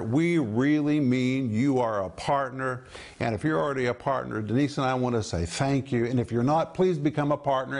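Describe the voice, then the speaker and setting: An older man hosts a televised Bible teaching with an earnest, emphatic delivery. His voice sits at an ordinary middle pitch. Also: a little mellow. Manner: earnest, emphatic, urging viewers.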